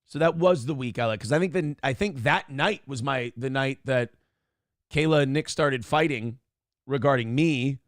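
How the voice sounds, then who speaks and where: A man's voice: medium pitch, moderate pace, dry recording, studio quality. A man hosting a morning show, telling a rambling, profane story in casual talk and acting out the people he quotes. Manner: profane, rambling, acts out quotes in other voices.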